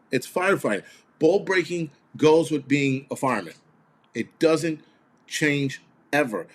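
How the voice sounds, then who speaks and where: Blunt, profane man ranting. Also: a little high. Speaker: host of a prepper channel. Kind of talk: casual ranting video monologue.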